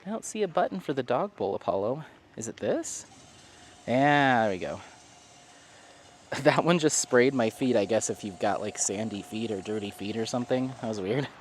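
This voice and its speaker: A man's voice: mid-range voice, lively intonation, moderate pace, a little hiss or hum. A man chatting casually in a rambling way while walking outdoors in town, with frequent fillers and laughs. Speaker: vlogger.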